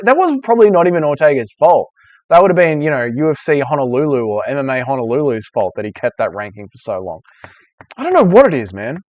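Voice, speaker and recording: A man's voice: a little high, no room sound. Swearing streamer man. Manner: chatty, swears freely, loose and rambling. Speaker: streamer host. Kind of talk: casual live-stream Q&A chat.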